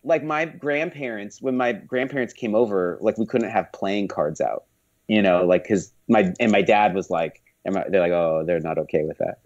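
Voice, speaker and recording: A man on a podcast as a guest, telling animated stories in casual conversation, with many restarts. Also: on the low side, moderate pace, dull audio.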